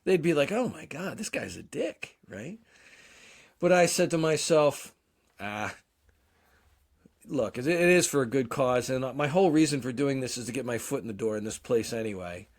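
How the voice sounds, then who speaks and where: A man's voice: medium pitch, normal speed, pauses often. Profane, self-mocking man telling a story. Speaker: podcast co-host. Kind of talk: casual storytelling chat.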